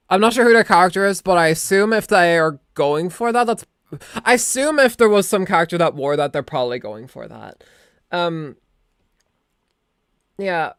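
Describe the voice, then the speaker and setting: Her fairly low, smooth voice moves at normal speed with lively intonation, and there's no room sound. She's a young adult VTuber chatting casually and rambling on stream, close to her desk mic, with the odd swear word.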